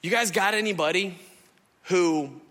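A man's voice: sits high, unhurried. A man preaching a sermon in a church, casual and conversational, acting out the people in his story. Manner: animated, conversational, acts out the people he describes. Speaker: pastor. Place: church sanctuary. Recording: reverberant hall.

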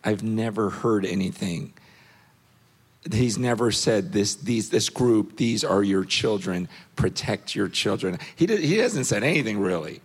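A middle-aged man giving an earnest, animated personal story as a guest on a panel. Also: a little slow, breathy edge. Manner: earnest, animated storytelling, rising in pitch when intense.

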